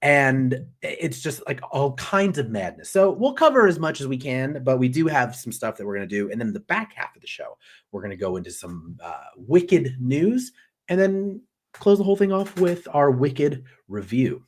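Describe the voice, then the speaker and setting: A man hosting a live pop culture news show, animated and jokey, swearing casually as he chats. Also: mid-range voice, normal speed, husky. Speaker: host.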